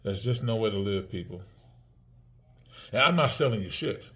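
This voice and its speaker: A man's voice: on the low side, expressive, moderate pace, fairly bright tone. Man in his forties ranting to camera. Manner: heated and profane; repeats words and restarts. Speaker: vlogger. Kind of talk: casual monologue to camera.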